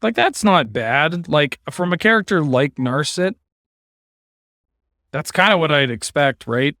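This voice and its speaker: A man's voice: fairly high pitch, lively intonation, measured pace, sharp tone, no room sound, studio quality. A man streaming a card game, giving casual commentary with wry, sarcastic asides.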